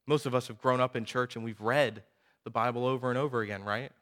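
A man in his thirties preaching a sermon, telling personal stories in a lively, conversational way with frequent asides to the audience. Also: mid-range voice, fast. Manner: animated storytelling, conversational asides.

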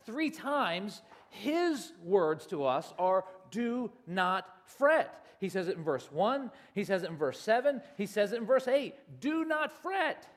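Brief: male pastor, higher-pitched voice, chatty storytelling sermon full of asides. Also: sing-song, a little slow, hardly any pauses, big-room sound. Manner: conversational, anecdotal, many "you know" asides.

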